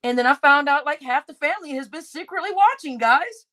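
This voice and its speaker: A woman's voice: high voice, lively intonation, fairly quick, fairly bright tone. A middle-aged woman chatting on a live stream, reading out chat names, laughing often and swearing freely.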